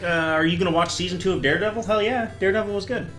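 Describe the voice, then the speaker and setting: A young man hosting a casual chat, telling his stories with lively energy and plenty of swearing. His voice is bright and a little high. It sits in an echoey room with faint music underneath. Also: racing. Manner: animated storyteller, swears freely. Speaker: host.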